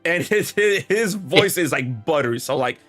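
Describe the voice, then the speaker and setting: Animated rambling man telling a story. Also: on the high side, moderate pace, faint music behind. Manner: animated, rambling with many restarts and quoted dialogue. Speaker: podcast host. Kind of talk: casual storytelling chat.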